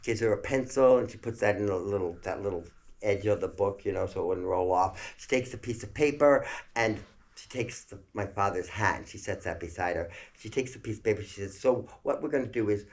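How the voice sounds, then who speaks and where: An older man telling a family story in a chatty, animated way, laughing along as he goes. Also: lowish voice, fairly quick.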